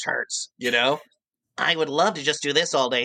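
Middle-aged man, voice actor guest, casual podcast chat, animated storyteller, dry close sound. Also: medium pitch, moderate pace, gravelly, no room sound. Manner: animated, acts out quotes in character voices.

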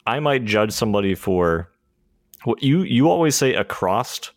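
A man co-hosting a casual podcast chat, opinionated and animated, swearing casually. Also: mid-range voice, moderate pace, no room sound, studio quality. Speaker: podcast co-host.

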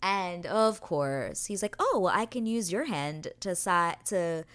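A woman with a notably low-pitched voice breaks down a TV episode scene by scene in a casual, talkative way. She swears freely and retells the characters' lines in modern everyday slang. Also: lively intonation, takes it slowly, fairly bright tone, smooth. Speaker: TV episode recap host.

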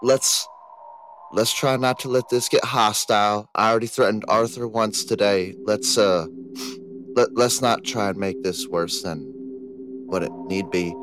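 A man playing his character in a tabletop role-play, calm and placating with hesitant restarts. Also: fairly low pitch, a little slow, soft background music. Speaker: tabletop game player.

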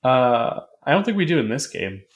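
A man's voice: mid-range voice, big pitch swings, normal speed. A man co-hosting a podcast in casual chat, recapping loosely with fillers and casual swearing. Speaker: podcast co-host.

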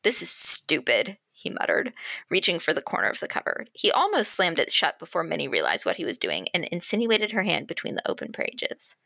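A woman co-hosting a book podcast, chatting excitedly and reading a romance passage aloud. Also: fairly low pitch, a little fast, gravelly, dry recording. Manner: excitable, laughs easily. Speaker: podcast co-host.

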